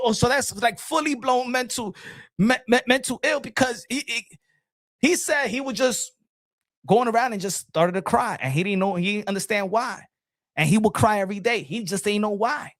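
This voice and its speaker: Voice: mid-range voice, moderate pace, no echo, clean studio sound. A boxing podcast host, ranting casually in a profane, laughing way, with many restarts. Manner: animated, profane, laughs often, stumbles and restarts.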